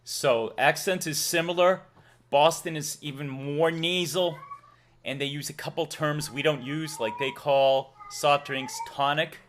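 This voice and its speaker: A man with a Massachusetts accent, hosting a casual livestream chat, talkative and quick to laugh as he reads out donations. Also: on the high side, steady tone, fairly bright tone, slight background noise. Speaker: livestream host.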